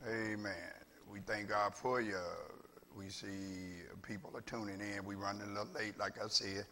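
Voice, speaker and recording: A man preaching a sermon as pastor with a Southern US accent, repeating phrases and building from quiet talk to loud preaching. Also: on the low side, little pitch movement, moderate pace, a little hiss or hum. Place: church with several cameras.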